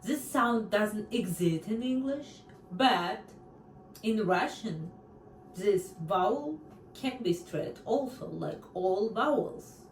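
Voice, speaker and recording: A woman's voice: mid-range voice, expressive, slow, recorded from a distance, slight background noise. A woman from Central Asia teaching a Russian language lesson online, carefully saying each example word twice. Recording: roomy echo, voice from away from the mic.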